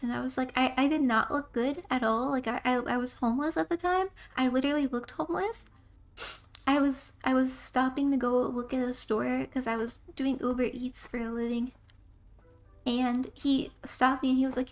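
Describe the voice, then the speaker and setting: A woman's voice: sits high, fairly even intonation, a little fast. A young woman streamer who reads game text aloud and tells rambling stories between lines, laughing often. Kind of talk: casual game commentary and reading.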